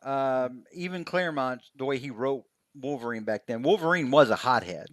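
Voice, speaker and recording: A man co-hosting a comic book podcast, chatting casually and mocking characters with exasperated, lively delivery. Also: mid-range voice, normal speed, no echo, studio quality. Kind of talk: casual chat.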